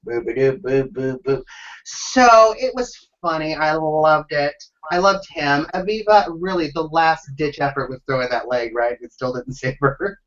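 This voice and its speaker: A man co-hosting a casual chat about reality TV, excitable and playful, often giggling. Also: fairly high pitch, a little slow, few pauses, highs cut off. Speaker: co-host.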